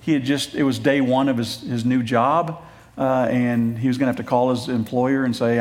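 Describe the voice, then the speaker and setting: A man's voice: medium pitch, steady tone, moderate pace, darkish tone. A middle-aged man preaching a sermon in a church, conversational, with joking asides and earnest appeals to fathers. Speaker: pastor.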